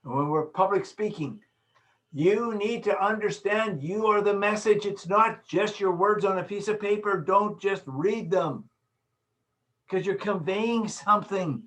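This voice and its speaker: A man's voice: sits high, measured pace, a bit bright. A man lecturing in a recorded video session, emphatic, repeating his key phrases and acting out small examples. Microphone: video call.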